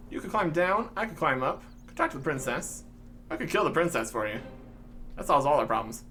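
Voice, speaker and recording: A man's voice: a little high, sing-song, a little fast, pushed and bright, soft background music. Playful gaming commentator man. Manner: playful and jokey. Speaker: gaming YouTuber. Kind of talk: casual gameplay commentary.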